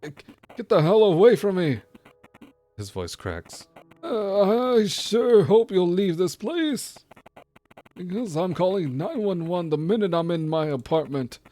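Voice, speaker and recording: Man voicing a suspicious elderly neighbor, game dialogue, higher pitched, prying, indignant. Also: sing-song, a little slow, warm tone. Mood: alarmed. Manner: prying, indignant, blustering threats. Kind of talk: reading game dialogue aloud.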